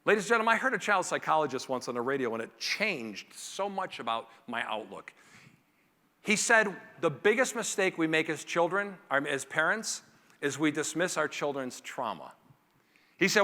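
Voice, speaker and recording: Animated man giving a keynote in a hall. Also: fairly high pitch, brisk. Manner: animated, acts out family scenes in character voices. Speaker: keynote speaker. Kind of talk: motivational keynote speech. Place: large conference hall. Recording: reverberant hall.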